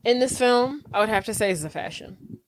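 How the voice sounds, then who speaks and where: A woman's voice: medium pitch, animated, a little fast, slight background noise. A woman co-hosting a podcast, giving blunt, mock-disgusted opinions in casual chat. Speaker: podcast co-host.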